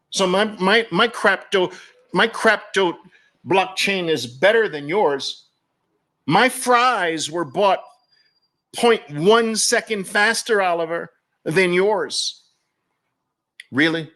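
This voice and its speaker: A man's voice: high-pitched, bright, forceful tone. A man hosting a live online audio room, talking emphatically and mockingly and repeating phrases for effect. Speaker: host.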